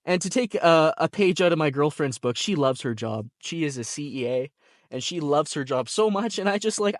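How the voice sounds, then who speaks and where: A man's voice: fairly high pitch, no room sound, clean studio sound. A young man, a content creator, talking to camera in an earnest, heartfelt personal vlog, teary-eyed and talkative. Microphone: camera mic, talking to camera.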